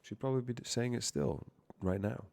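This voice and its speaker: Mid-range and fairly quick, his voice carries vocal fry and a darkish tone in an echo-free recording. He's a young man coding on stream, rambling profanely and interrupting himself mid-word.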